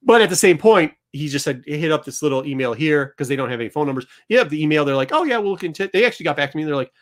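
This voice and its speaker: Animated man telling a story. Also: on the high side, very fast. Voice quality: animated, acts out both sides of the exchange. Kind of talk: storytelling to a studio crew.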